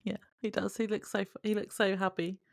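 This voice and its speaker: A woman's voice: medium pitch, level tone, brisk, gravelly. A woman co-hosting a podcast in casual chat, reacting with short wry comments and frequent laughter. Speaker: podcast co-host.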